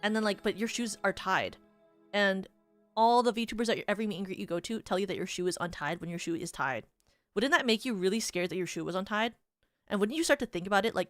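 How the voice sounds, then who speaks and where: A woman's voice: mid-range voice, a bit bright. Giggly rambling woman streamer. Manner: giggly, rambling, heavy use of "like". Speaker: VTuber streamer. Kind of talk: casual stream chat, rambling hypotheticals.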